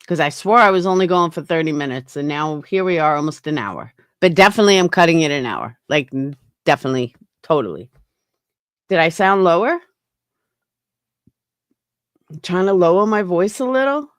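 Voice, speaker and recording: A woman's voice: on the low side, animated, quick pace, clean tone, no room sound, clean studio sound. A woman hosting a casual livestream, talking bluntly with frequent swearing and answering her chat. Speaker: livestream host.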